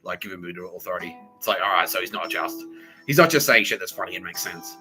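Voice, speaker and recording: A man's voice: low-pitched, animated, fast, bright, forceful tone, faint music behind, low-quality recording. A man hosting a solo podcast, rambling in a crude, jokey way and laughing often. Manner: crude, giggly, jokey, talks to an absent listener. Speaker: podcast host.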